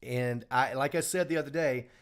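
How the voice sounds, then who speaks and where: A man's voice: medium pitch, moderate pace. A middle-aged man hosting a live show, giving an earnest motivational talk and repeating his key lines for emphasis. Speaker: show host. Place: small home studio.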